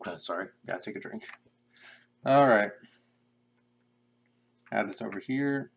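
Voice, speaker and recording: Low gravelly man mumbling while he works. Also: measured pace, slight background noise. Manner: mumbling to himself, self-described monotone. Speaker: game developer streaming pixel art. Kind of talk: casual live-stream commentary while drawing. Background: keyboard typing and clicking.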